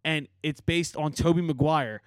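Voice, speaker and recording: A man's voice: on the high side, moderate pace, no room sound. A man hosting a podcast, chatting casually and telling stories in a loose, rambling way with lots of fillers. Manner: rambling, animated storytelling with fillers. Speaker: podcast host. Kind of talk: casual chat.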